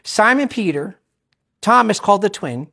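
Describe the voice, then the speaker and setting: A visiting preacher delivers a sermon in a high, lively, bright voice with a gravelly, breathy edge and a forceful tone at a moderate pace. He tells stories conversationally, tossing in jokes, repeating phrases, and interrupting himself.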